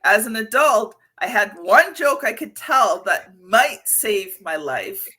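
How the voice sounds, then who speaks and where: Bright-voiced chatty woman host. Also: a little high, lively intonation, takes it slowly, husky. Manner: chatty, many fillers, tells personal anecdotes. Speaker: podcast host. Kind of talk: conversational interview.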